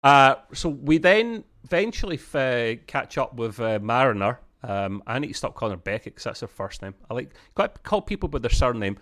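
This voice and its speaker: Man, podcast co-host, casual episode review, mid-pitched voice, rambling, lots of fillers and restarts. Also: very animated, fairly quick, few pauses, fairly bright tone. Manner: rambling, full of restarts and fillers, laughs often.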